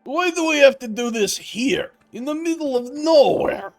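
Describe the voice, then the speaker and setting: A man voicing a dramatic, high-strung young man with a Slavic accent in a video game, shrill and overwrought. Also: animated, moderate pace, faint music behind. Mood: exasperated.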